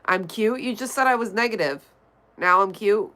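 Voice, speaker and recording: A woman's voice: mid-range voice, normal speed, sharp tone. A woman streamer reading her chat aloud and answering it bluntly and offhandedly, vaping between remarks. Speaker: livestreamer. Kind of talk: casual chat reading viewer comments.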